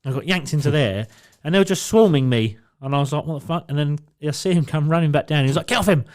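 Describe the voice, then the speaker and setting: A young man on a podcast, telling a swearing, animated anecdote with quoted voices in casual chat. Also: on the high side, quick pace. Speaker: podcast co-host.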